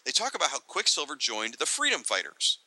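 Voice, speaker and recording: A man co-hosting a casual chat, reading entries aloud from a reference book and adding excitable, joking asides. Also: fairly high pitch, brisk, dry recording, low-quality recording. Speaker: podcast co-host.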